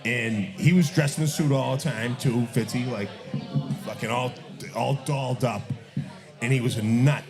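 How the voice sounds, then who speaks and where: A man, a guest on a live bar podcast, telling crude stories and shouting mocking impressions. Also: medium pitch, moderate pace, creaky, over music. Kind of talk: casual storytelling among friends.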